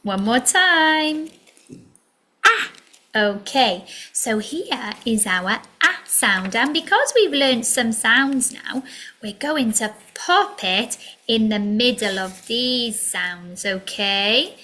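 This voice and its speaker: A woman's voice: a little high, lively intonation, extremely slow, sharp tone. A woman teaching a children's phonics lesson in a sing-song way, drawing out letter sounds and slipping into whispered asides.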